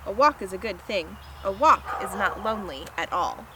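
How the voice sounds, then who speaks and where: A woman teacher reading a children's picture book aloud, expressive and asking her young listeners questions. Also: mid-range voice, moderate pace, very noisy.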